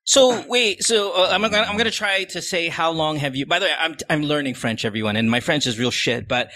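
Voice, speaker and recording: A man's voice: fairly high pitch, fairly quick, bright, forceful tone. A man hosting a call-in show, joking and swearing, mixing English with Tagalog. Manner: profane, joking, switches between English and Tagalog. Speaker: podcast host. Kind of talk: casual chat taking calls.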